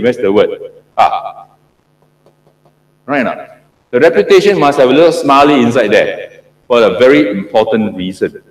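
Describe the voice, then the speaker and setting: Here the Singaporean professor, a middle-aged man, sounds very animated at a moderate pace, with long pauses and a medium pitch. Recorded on a distant mic amid roomy hall echo, he teaches an interactive class on PhD supervision, frequently quizzing listeners and repeating himself to drive points home.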